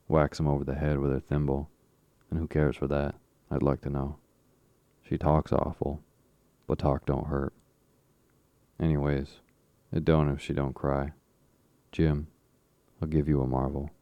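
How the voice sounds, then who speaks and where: A man's voice: very deep voice, little pitch movement, unhurried, pauses often, no echo, lo-fi sound. A man reading the lines of a coaxing, scheming boy in an audiobook.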